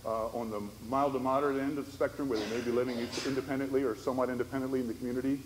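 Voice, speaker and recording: A man's voice: medium pitch, level tone, rapid-fire. A man giving a conversational church conference lecture on disability ministry, telling stories and checking in with the audience. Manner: conversational, storytelling with frequent "right?" asides. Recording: echoey hall, faint background noise.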